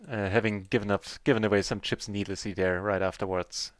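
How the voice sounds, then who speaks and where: A man streaming live poker, chatting through his hands in a mutter that breaks into excited shouts on big wins. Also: lowish voice, fairly quick, hardly any pauses, no echo.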